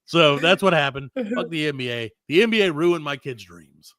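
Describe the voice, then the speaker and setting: Ranting bright-voiced podcast host. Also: male voice, on the high side, lively intonation, moderate pace. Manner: profane, ranting, exasperated storytelling. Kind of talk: casual comedy podcast chat.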